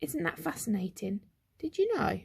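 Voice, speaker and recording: A woman's voice: a little high, big pitch swings, normal speed, gravelly, darkish tone, husky, heavily acted. A woman voicing a fussy, chattering mother in a storybook reading. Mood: lecturing.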